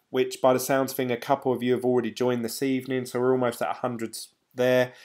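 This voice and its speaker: A chatty man hosting a livestream and answering viewer comments. His voice sits at an ordinary middle pitch, and he rambles loosely in a relaxed, informal way. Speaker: crypto livestream host. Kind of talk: casual livestream chat reading viewer comments.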